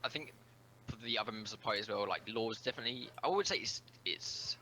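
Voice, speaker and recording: A man with a somewhat low voice and a very bright, sharp tone rambles through his turn in a tabletop game, leaning on "like" and "you know". A faint hum runs behind him. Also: quick pace, poor audio. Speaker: player. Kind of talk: tabletop role-play chat.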